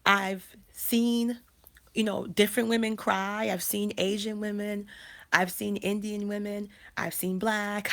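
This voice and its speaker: A woman's voice: medium pitch, level tone, unhurried, gravelly, a bit bright. A woman in her thirties hosting a casual livestream, talking emphatically and repeating phrases with frequent restarts. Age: 30s. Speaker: life coach and channel host.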